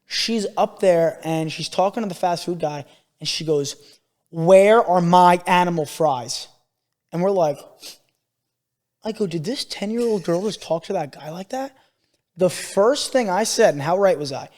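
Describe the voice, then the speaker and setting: A man's voice: sits high, expressive, moderate pace, darkish tone, long reverb tail. A man co-hosting a podcast, telling stories animatedly and swearing freely in casual chat. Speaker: podcast co-host.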